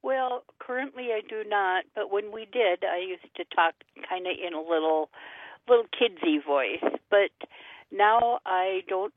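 An older woman, a grandmother, calling into a radio show and talking slowly with pauses. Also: medium pitch. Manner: slow, halting with fillers. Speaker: caller. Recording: tinny phone line.

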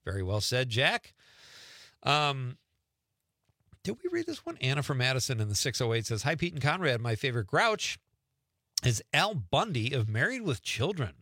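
Man, middle-aged, radio host, animated pitch, dry studio sound. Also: no echo. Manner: lively, jokey, quick reactions. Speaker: radio talk show host. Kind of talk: casual radio chat reading listener texts. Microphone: studio microphone.

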